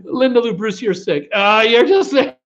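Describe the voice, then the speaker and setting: A man hosting a live-stream trivia chat who keeps breaking into laughter while reading viewer comments, his voice gone hoarse from laughing. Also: extremely high pitch, lively intonation, normal speed, fairly bright tone, dull audio. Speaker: host of a live cruise news and trivia stream.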